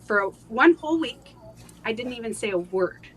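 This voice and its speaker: Woman sharing a hard life story haltingly. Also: fairly high pitch, expressive, slight background noise, poor audio. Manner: halting, with frequent fillers and restarts. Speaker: interview guest. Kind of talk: personal storytelling in a live interview.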